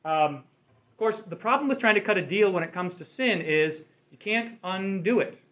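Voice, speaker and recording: High voiced guy teaching a bible class, chatty, keeps asking the group stuff. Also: expressive, normal speed, fairly bright tone. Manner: conversational, asks the group questions. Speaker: Bible study leader.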